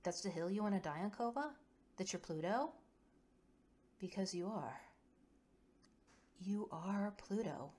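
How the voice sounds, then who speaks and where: A woman voicing an excitable young woman who sounds tired but jumps on things quickly, in a narrated tabletop story. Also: mid-range voice. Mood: pouncing.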